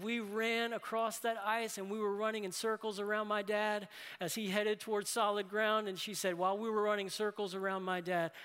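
Bright-voiced pastor preaching in a hall. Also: male voice, high-pitched, smooth. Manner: builds to loud impassioned exhortation. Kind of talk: sermon. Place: church sanctuary. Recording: long reverb of a large hall.

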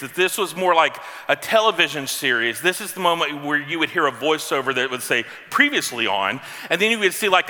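A man's voice: fairly high pitch, sharp tone. A man preaching a sermon as pastor to his congregation, in a conversational style with casual asides. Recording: long reverb of a large hall.

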